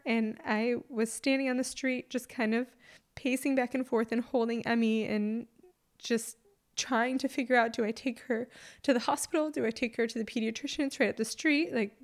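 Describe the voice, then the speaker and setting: A young mother recounts a personal story in a slightly high voice. She speaks in an emotional, halting way, with restarts and fillers between her phrases.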